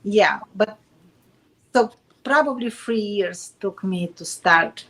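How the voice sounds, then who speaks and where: A woman from Kaliningrad with a Russian accent, a native Russian speaker, talking as a guest in a casual interview in halting English with many restarts. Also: medium pitch, animated, bright, forceful tone. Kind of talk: casual chat.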